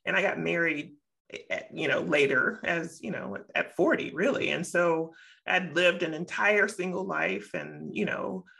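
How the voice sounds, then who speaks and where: A middle-aged woman co-hosting a casual panel discussion, making measured, reasoned points and repeating them for emphasis. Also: on the low side, vocal fry, fairly bright tone. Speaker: co-host.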